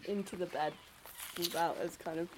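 A woman's voice: lowish voice, fairly even intonation, brisk, a crowd in the background, low-quality recording. A woman gardener talking tentatively in a casual chat outdoors in a garden. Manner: hesitant, tentative.

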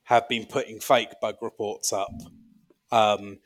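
A man playing a dwarf man who runs an underground fortress, in a comic podcast bit, rambling and deadpan with many pauses. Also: on the low side, faint music behind, voice pushed down, natural voice.

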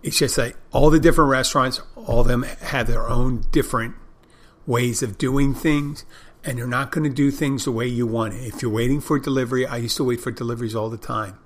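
A man's voice: mid-range voice, fairly even intonation, brisk. A man hosting a podcast, talking in a casual, rambling monologue, blunt and swearing freely, often restarting and repeating himself. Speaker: podcast host.

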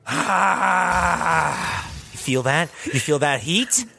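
Lively, bright-voiced tabletop player. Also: medium pitch, moderate pace. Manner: hyped, playful cheerleading. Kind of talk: playing a character in a tabletop game.

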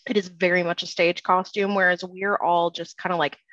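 A woman's voice: on the low side, flat delivery, brisk, a bit bright, dry recording, dull audio. A woman guest player who describes her character in a rambling, hesitant way. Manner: rambling, hesitant, many fillers. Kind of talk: casual tabletop game chat.

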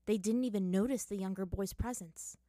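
A woman narrating a fan fiction story in a measured, dramatic reading. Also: mid-range voice, dark tone, dry recording, clean studio sound.

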